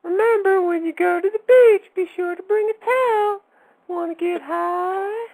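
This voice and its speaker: A man putting on the voice of a dopey, stoned talking towel from a cartoon, with a squeaky, slow drawl. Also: vocal fry, a little mellow, full character voice, poor audio. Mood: spaced-out.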